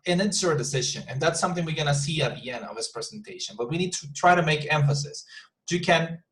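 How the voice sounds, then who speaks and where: A man teaching an online English class, patiently repeating example sentences slowly with the stress moved around. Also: fairly high pitch, lively intonation, a bit bright, poor audio.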